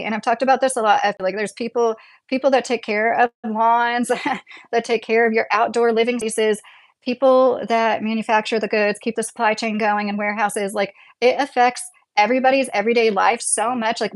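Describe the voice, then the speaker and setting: A woman in her thirties or forties with a Midwestern accent, rambling casually as she hosts a livestream and reads chat, laughing often. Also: on the high side. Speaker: livestream host reading chat.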